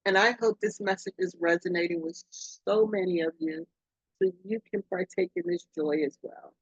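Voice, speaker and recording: A woman hosting a casual spiritual podcast, reading oracle cards in an effusive, excitable way. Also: measured pace, vocal fry, pauses often, husky, dry recording, dull audio. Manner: effusive, excitable, swoops up and down in pitch. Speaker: podcast host, oracle card reader.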